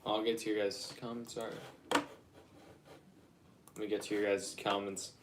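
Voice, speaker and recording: Low-voiced casual livestreamer man. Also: little pitch movement, a little slow, noisy background. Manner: rambling, reacting to viewer comments. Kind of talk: casual live-stream chat.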